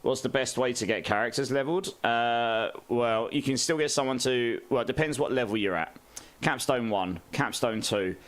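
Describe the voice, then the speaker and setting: A man's voice: mid-range voice, normal speed, a bit bright. A man, chatting casually on a game live stream, greeting viewers and laughing often.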